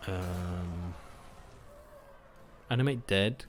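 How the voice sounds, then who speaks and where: A man's voice: low-pitched, unhurried, pauses often, a little hiss or hum. A man hosting a gaming video, giving casual gameplay commentary, chatty and self-mocking as he thinks aloud.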